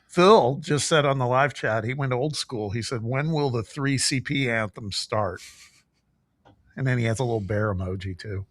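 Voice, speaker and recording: A man's voice: medium pitch, normal speed, dry recording. A man co-hosting a sports radio show, telling easygoing stories and reading the live chat aloud. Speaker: radio co-host. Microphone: studio microphone.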